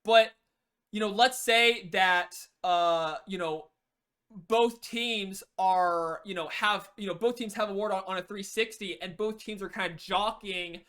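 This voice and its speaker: With an unhurried, mid-range voice that is clear, resonant, and fairly bright, a game coach talks through team play in a loose, unscripted way. It's a casual spoken lesson where sentences often restart and "you know" fills the spaces.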